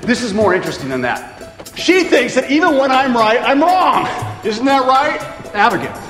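Hammy treasure hunter, high jumpy voice, fake cockney drunk bit, music under it. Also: male voice, sing-song, normal speed, a bit bright, roomy sound, full character voice. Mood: bickering. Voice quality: puts on a drunk over-the-top Cockney accent. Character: brash male treasure hunter, bickering. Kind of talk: film acting.

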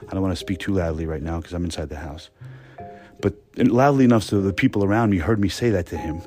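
A man in his thirties, a podcast host, telling a work story in a casual, animated, profane and sarcastic way, recorded indoors at home. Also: low voice, fast, soft background music. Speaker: podcast host, restaurant manager.

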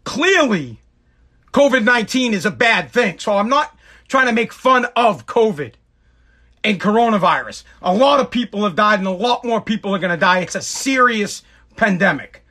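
A man's voice: sits high, animated, normal speed, bright, forceful tone. A man giving a sarcastic political rant to camera, mocking people by putting on exaggerated voices.

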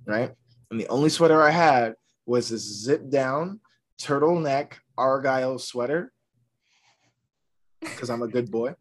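A man's voice: mid-range voice, unhurried, pauses often. A young man from Georgia telling a comedic story as a podcast guest, acting out the people in it. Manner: animated, acts out the people in his story.

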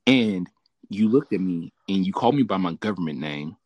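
Brief: low-voiced male host, animated swing in his pitch, cursing and laughing through a story, dry close sound. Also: moderate pace, no room sound. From Southern California. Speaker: podcast host. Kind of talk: casual storytelling chat.

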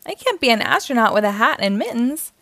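A woman's voice: fairly high pitch, big pitch swings, fairly quick, fairly bright tone, no echo. A woman voicing an eager little tiger cub boy in a storybook read-aloud, in a chirpy manner.

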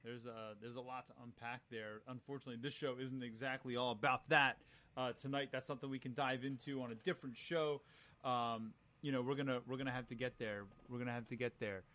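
A man's voice: mid-range voice, steady tone, a little fast, fairly bright tone. A man leads a loose online panel chat about wrestling, with a mid-range voice. He gives short, repeated affirmations and hands the mic to each guest in turn. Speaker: show host.

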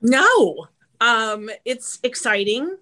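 A middle-aged woman, an actress guest on a podcast, telling her stories in a lively, animated way. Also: fairly high pitch. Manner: animated, quick storytelling with lively vocal swings. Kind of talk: casual interview storytelling.

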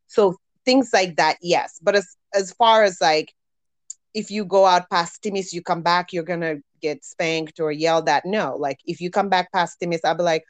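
Chatty woman with a lowish voice. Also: normal speed, dry recording. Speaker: parent sharing experiences. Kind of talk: casual podcast chat.

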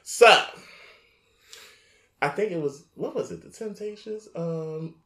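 A man co-hosting a podcast, telling a story in casual chat, animated and laughing, often jumping into high shrieking impressions. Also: takes it slowly, roomy sound. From New York area. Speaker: podcast co-host.

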